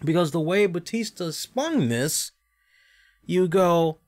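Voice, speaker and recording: A man's voice: fairly high pitch, animated, slow, a little mellow. A man hosting a wrestling podcast, ranting casually and profanely, with mocking impressions of the people he talks about. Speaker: podcast host.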